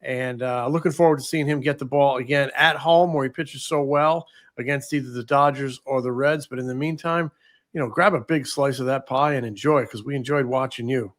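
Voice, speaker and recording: A man co-hosting a casual sports podcast in a relaxed, friendly way. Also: medium pitch, brisk. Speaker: co-host.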